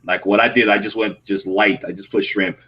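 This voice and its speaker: A man from Africa co-hosting a casual chat, telling stories in an animated, slangy way. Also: fairly low pitch, a little fast, highs cut off, slight background noise. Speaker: co-host. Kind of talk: casual live-show chat.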